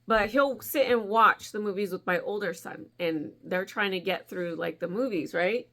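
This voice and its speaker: Woman in her 40s for a casual home vlog, rambling, chatty, laughs easily, mid pitch. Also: normal speed. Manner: chatty, animated, laughs often. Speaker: crochet vlogger.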